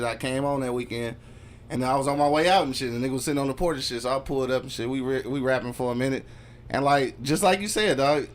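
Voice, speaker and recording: A man co-hosts a talk podcast and rattles off loose, slangy stories. His pitch sits in the middle, and he talks with a quick, emphatic rush. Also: a little hiss or hum. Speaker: podcast co-host. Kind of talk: casual talk radio chat.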